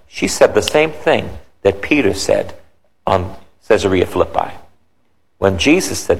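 A man preaching a sermon in an animated way, with his voice jumping high when he retells scenes. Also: normal speed, gravelly, breathy edge. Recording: long reverb in a large hall.

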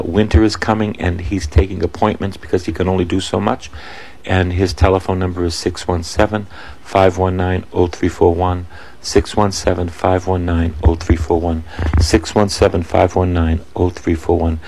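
Radio priest, very low voice, reads out addresses and phone numbers over and over. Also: male voice, little pitch movement, a little mellow, poor audio. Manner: repeats addresses and numbers slowly for listeners. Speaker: Catholic priest, radio host. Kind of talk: radio appeal and announcements.

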